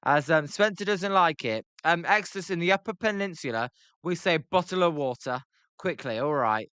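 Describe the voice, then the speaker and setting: British man, young, rambling live commentary, bright tone, dry close sound. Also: on the high side, lively intonation, moderate pace, smooth, no echo. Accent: British English. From Britain. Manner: rambling, many ums, reads chat aloud. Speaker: livestream commentator. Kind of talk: casual play-by-play with chat reactions.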